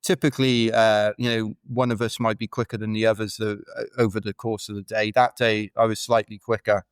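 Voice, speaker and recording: His voice sits on the low side, smooth and level, moving a little fast with no room sound. He's a British man, an ultra runner guesting on a podcast, chatting loosely through filler-laden stories in a casual interview.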